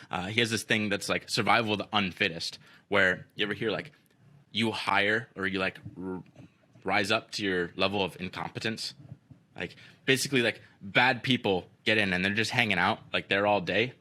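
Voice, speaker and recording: A man's voice: fairly low pitch, brisk, bright, forceful tone. A man co-hosting a podcast, telling a story in loose, profane casual chat, full of "like" and acted-out quotes. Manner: loose and profane, heavy use of "like", acts out quotes. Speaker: podcast co-host.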